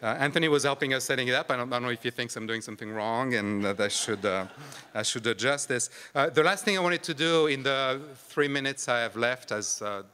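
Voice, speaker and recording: A man's voice: mid-range voice, bright, forceful tone, clear, resonant tone. A man giving a conference presentation on a microphone in a large lecture room, hesitant and full of fillers and restarts. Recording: long hall reverb.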